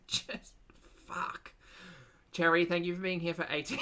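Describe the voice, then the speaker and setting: A woman's voice: lowish voice, little pitch movement, slow, fairly bright tone, slight background noise. A woman streamer casually commenting on a video, chatty and sarcastic, swearing and laughing often. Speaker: reaction streamer.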